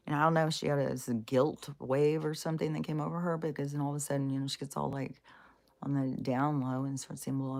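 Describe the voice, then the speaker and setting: A woman's voice: a bass voice, creaky, a little mellow. A woman vlogging in casual, rambling talk, blunt and profane, with many fillers and restarts. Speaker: spiritual vlogger.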